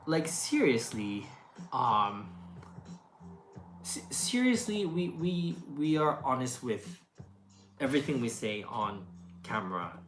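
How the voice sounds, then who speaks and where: A woman's voice: a bass voice, sing-song, takes it slowly, long pauses. A woman who makes food videos, chatting casually and answering questions, with lots of fillers, restarts and laughs. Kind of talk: casual Q&A chat. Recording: echoey room, faint music behind.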